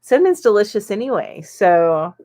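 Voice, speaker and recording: A woman's voice: mid-range voice, big pitch swings, normal speed, dark tone. Chatty, giggly woman live-stream host. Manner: chatty and giggly, many ums, reads comments aloud. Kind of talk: casual live-stream chat, reading viewer comments.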